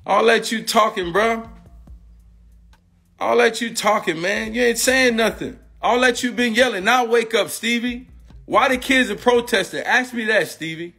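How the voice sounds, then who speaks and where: Agitated man ranting, high bright voice. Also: measured pace, vocal fry, slightly rough, soft background music. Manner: agitated, repetitive, confrontational. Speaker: former football player and coach. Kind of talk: heated rant on a live stream.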